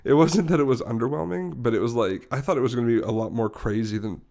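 This young man co-hosts a podcast, his mid-range voice fast and a little mellow. He meanders through a lengthy tale in a relaxed way, breaking into laughter and starting over again and again.

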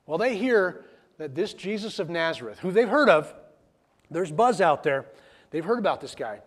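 A man preaching in a relaxed, conversational way, with casual asides. His voice sits high and swings widely in pitch as he talks. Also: normal speed. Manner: animated, plain-spoken, drops into casual asides and acted quotes. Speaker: pastor. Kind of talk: conversational sermon.

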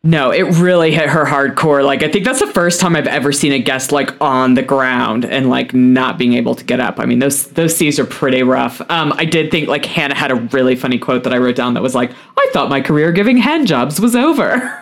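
A man's voice: medium pitch, steady tone, a little fast, vocal fry, hardly any pauses, a bit bright. A man co-hosting a podcast, chatting easily with lots of "like" fillers and wry asides. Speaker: podcast co-host. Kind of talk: casual chat.

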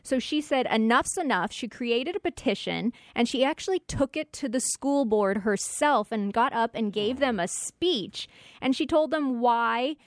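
A woman's voice: a little high, unhurried, dry recording, clean studio sound. Chatty woman telling a news story. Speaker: co-host. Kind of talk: casual chat.

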